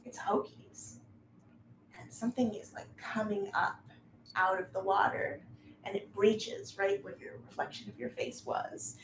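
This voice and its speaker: A woman's voice: medium pitch, a little slow. Woman narrating a tabletop game, echoey room. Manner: casual, descriptive, frequent fillers. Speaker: game master. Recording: echoey room with faint noise.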